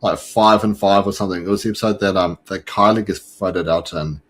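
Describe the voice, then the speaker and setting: Guy hosting a fan podcast, kinda low voice, chatty with lots of ums and likes. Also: fairly even intonation, fairly quick, a bit bright. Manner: chatty, many fillers and restarts. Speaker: podcast host. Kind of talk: casual fan chat.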